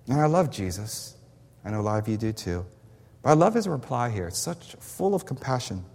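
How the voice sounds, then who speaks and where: A man of medium pitch and darkish tone preaches a little fast and very animatedly as a pastor in a church sanctuary. Impassioned and emphatic, he repeats words to drive his points home, with echoey hall reverb in the recording.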